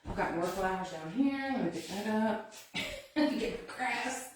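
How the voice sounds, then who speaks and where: A woman's voice: medium pitch, expressive, unhurried, a little hiss or hum. Chatty woman crafting in an echoey kitchen. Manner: chatty, giggly, thinking aloud while working. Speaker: craft tutorial host. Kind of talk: live-stream crafting demo, chatting to viewers. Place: her kitchen, indoors. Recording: echoey kitchen, mic at a distance.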